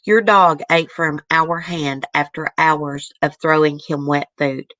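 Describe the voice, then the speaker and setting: A woman's voice: sits low, fairly even intonation, slow, a bit bright, no room sound. Earnest woman host reading a letter. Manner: earnest, easily moved, breaks off to comment. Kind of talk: casual chat reading a letter aloud.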